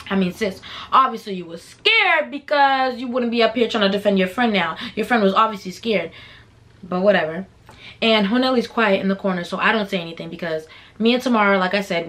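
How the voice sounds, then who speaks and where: Animated young woman telling a story. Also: medium pitch. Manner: animated, slangy storytelling that acts out quoted voices. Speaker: vlogger. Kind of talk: casual storytime.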